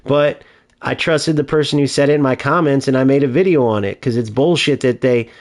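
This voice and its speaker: A man's voice: medium pitch, brisk. A man streaming a video game, ranting in casual, profane commentary.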